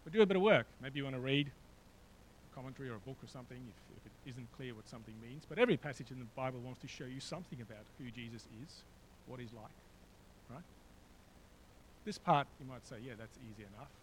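A man's voice: medium pitch, fast talker, slight background noise, rough recording. A man preaching a sermon in a conversational way, with frequent fillers and asides. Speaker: pastor. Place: church hall with a slideshow.

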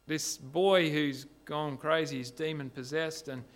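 A man's voice: a little high, steady tone, measured pace, natural voice. A man acting out a group of flustered men who are unsure what to do, in a sermon. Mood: bewildered.

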